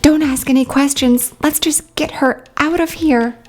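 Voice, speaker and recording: A woman voicing two cheerful young sisters who run a pet rescue in a doll-play story, bright and politely chirpy. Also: high-pitched, fairly even intonation, a little slow, slight background noise.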